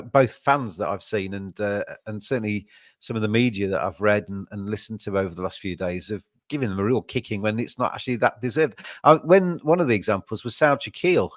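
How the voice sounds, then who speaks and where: A man hosting a podcast, talking in a measured way with frequent ums and restarts. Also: lowish voice, no echo, studio quality. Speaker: podcast host. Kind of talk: casual podcast chat.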